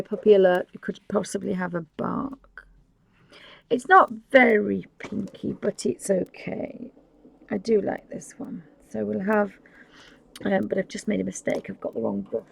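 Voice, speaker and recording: A woman's voice: mid-range voice, creaky, a little mellow, slightly rough. A woman hosting a live painting tutorial, chatting casually and often dropping to a whisper, with rambling, apologetic asides at her home desk. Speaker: craft channel host.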